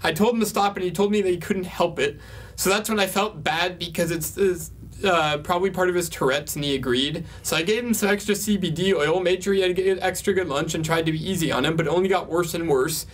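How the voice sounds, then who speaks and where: Chatty high-voiced young man. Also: fast talker, breathy edge. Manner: chatty, laughs often, many fillers. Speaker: co-host answering viewer questions. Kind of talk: casual advice talk.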